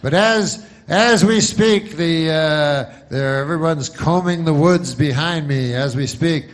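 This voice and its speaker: A man voicing a male television field reporter who delivers a halting on-air update. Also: fairly high pitch. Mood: earnest.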